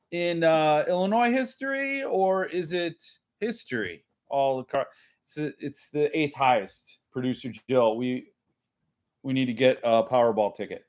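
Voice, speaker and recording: A man hosting a casual live-stream chat with viewers, rambling and self-mocking, laughing often. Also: a little high. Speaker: host.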